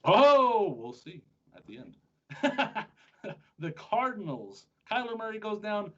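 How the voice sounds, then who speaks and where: A man with a slightly husky voice hosts a casual sports show, talking fast and joking with his co-host. The recording sounds dull and lo-fi. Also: sits high, very animated, pushed and bright. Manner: chatty, joking, quick-talking with restarts. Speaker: podcast host.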